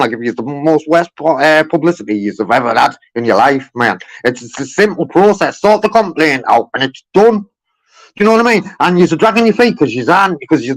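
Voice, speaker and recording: A man's voice: on the high side, low-quality recording. Frustrated man complaining on the phone. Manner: frustrated, repetitive, keeps saying mate. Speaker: complaining customer on a phone call. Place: in a car.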